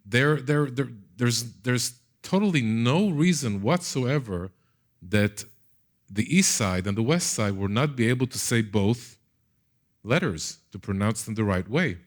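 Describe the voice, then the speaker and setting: Slow, low-voiced Israeli man teaching. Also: animated. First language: Hebrew. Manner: repeats words, asks the class questions. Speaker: Bible teacher. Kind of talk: casual classroom lecture.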